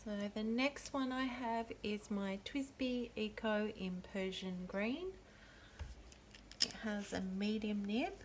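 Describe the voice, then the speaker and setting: A woman hosting a pen and ink video, calmly naming each pen and ink as she shows them. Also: medium pitch, slight background noise. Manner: gentle, unhurried, pausing to name each pen. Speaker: pen and ink channel host. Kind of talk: slow show-and-tell narration.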